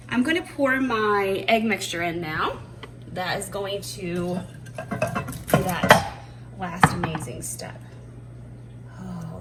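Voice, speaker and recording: A woman chatting casually while she cooks at home, self-deprecating and thinking out loud as she works. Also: mid-range voice, background noise. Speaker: homeschooling mom cooking on camera. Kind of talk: casual cooking chat. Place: home kitchen. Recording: distant mic with clattering dishes behind.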